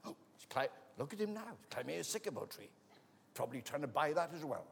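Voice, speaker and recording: Preacher with dramatic storytelling. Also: male voice, fairly high pitch, very animated, fairly quick, gravelly, slight background noise. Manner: dramatic storytelling, acting out voices, building to shouts. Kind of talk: sermon. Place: auditorium. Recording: long hall reverb.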